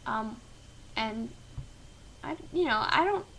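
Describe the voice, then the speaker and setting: A woman's voice: on the high side, lively intonation, slow pace, creaky, fairly bright tone, a little hiss or hum, poor audio. A woman teacher telling a story to camera in a blunt, sarcastic, chatty way. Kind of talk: casual storytelling vlog.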